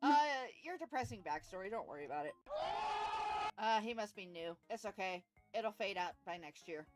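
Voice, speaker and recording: A woman streamer reading game dialogue aloud and joking with chat, swearing freely and reacting loudly. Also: mid-range voice, animated, moderate pace, loud music behind the voice. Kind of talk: casual gameplay commentary.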